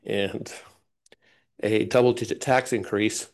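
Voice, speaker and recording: A man's voice: on the low side, steady tone, takes it slowly, gravelly. Rambling man at a council meeting. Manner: rambling, loose, many "you know" fillers and restarts. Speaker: resident speaking at public comment. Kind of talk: unscripted public comment. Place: town council meeting room.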